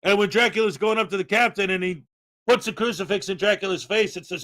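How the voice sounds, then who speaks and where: Male live-stream host, high and bright-toned, rambling and chatty, prone to loud excited outbursts. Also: brisk. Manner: excitable, bursts into loud exclamations; chatty and rambling, many fillers. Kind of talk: casual live-stream chat, greeting viewers.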